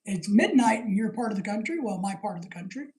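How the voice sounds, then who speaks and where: A man's voice: sits high, lively intonation, fast talker, a little mellow. A middle-aged man hosting a live stream in casual chat, reading out viewer comments, rambling and joking, laughing often. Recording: roomy echo.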